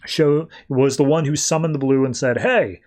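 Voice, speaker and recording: A man's voice: fairly high pitch, fairly even intonation, normal speed, warm tone. Casual man recapping a comic. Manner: loose and conversational, full of "like" and "uh". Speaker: podcast host.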